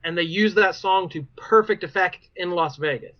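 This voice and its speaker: A man's voice: high-pitched, moderate pace. A man co-hosting a pop culture podcast, chatting casually and saying "like" a lot. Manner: chatty, says "like" often. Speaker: podcast co-host. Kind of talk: casual chat. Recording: dull lo-fi sound.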